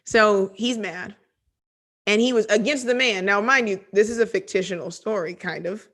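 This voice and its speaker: A woman reads from scripture and then explains it, peppering her conversational Bible lesson with lively, chatty remarks. Her pitch sits in the middle range, and she talks at normal speed.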